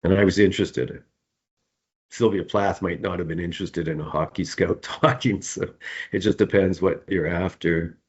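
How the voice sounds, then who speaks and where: A middle-aged male author answering interview questions in a relaxed, rambling way, often repeating words and laughing. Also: low-pitched, moderate pace. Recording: dull, muffled sound.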